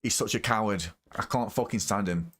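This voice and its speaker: A man's voice: fairly low pitch, brisk, a bit bright. A man doing live reaction commentary, ranting angrily and swearing heavily about the person in the clip. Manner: angry, profane ranting. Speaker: reaction video host.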